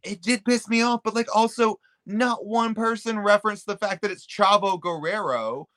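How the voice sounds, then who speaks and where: A man's voice: high voice, moderate pace, pushed and bright, no room sound. A man co-hosting a podcast in casual chat, making wry asides. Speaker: podcast co-host. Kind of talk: casual chat recapping wrestling.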